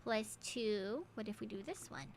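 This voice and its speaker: Slow-talking playful woman streamer. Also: mid-range voice, animated, a little hiss or hum. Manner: playful, swears freely. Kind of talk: casual gameplay commentary.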